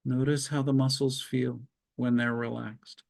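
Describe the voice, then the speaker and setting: A calm male psychologist leads a webinar, giving guided muscle relaxation instructions. His medium-pitched, gravelly voice delivers slow, step-by-step cues separated by long pauses.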